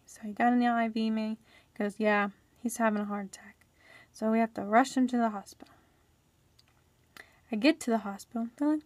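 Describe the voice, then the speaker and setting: A woman interprets a storyteller's account aloud in the first person, pausing and restarting as she goes. Her voice sits a little high and often sinks to a soft whisper. The recording is dry and close, with no room sound. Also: steady tone, no echo.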